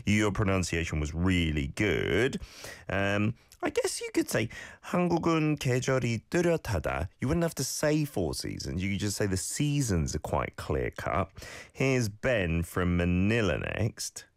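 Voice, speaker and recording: British guy with a low voice, bouncy and lively, chatting thru a language lesson on air, dry close sound. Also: measured pace, creaky, no room sound. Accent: British English. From United Kingdom. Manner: explains patiently, repeats words for practice. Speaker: radio host teaching Korean. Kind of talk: casual radio talk with language teaching.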